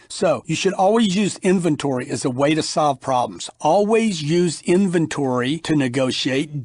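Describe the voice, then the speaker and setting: Middle-aged male sales trainer, emphatic, acts out customer lines, slightly high voice, dry close mic. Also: a little mellow, dry recording. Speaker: sales trainer reading his audiobook. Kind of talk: instructional audiobook narration.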